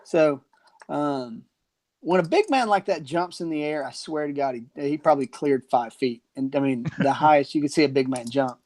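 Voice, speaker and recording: A man, co-hosting a podcast, excitable and teasing as he jumps into the story. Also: fairly high pitch, normal speed. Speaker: podcast co-host. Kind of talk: casual storytelling chat.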